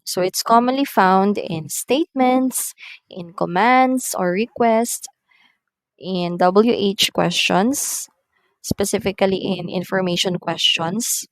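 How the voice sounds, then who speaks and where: A woman giving a recorded English lesson, explaining slowly and deliberately and reading out numbered example sentences. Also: mid-range voice, no room sound, rough recording. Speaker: English teacher. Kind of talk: recorded online lecture.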